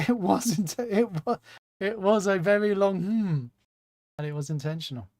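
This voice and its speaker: A man's voice: sits high, a little slow, a little mellow, no echo, clean studio sound. A man hosting a live stream, chatting casually and reading out chat with self-mocking humor. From England.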